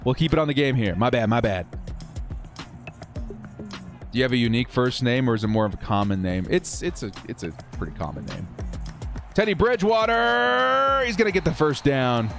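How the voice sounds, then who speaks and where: A man's voice: medium pitch, animated, a little fast, soft background music. A young man hosting a live stream, calling a football video game and chatting with viewers in a casual, upbeat way, laughing often and repeating words. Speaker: streamer and host of a football simulation channel. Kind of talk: live stream game commentary with chat replies.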